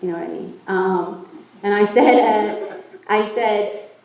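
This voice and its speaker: A woman's voice: medium pitch, slow pace. A woman speaking at a recovery meeting, telling her own story in a candid, self-mocking way. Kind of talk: personal recovery story talk. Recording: echoey hall, far from mic, muffled.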